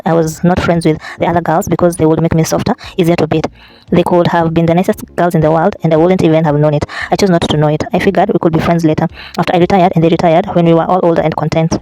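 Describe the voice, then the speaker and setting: A quick, gravelly voice runs through a casual vlog and then a book reading, stumbling and restarting phrases. The tone sits dark and mellow, and quoted lines come out in the same plain delivery. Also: medium pitch, poor audio. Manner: halting, with restarts and self-corrections. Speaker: vlogger reading a book aloud. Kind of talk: casual vlog and unpolished read-aloud.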